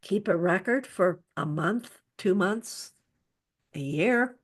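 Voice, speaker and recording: A woman's voice: mid-range voice, animated, slow. A woman speaker giving earnest, practical advice on psychological safety, often restarting her sentences.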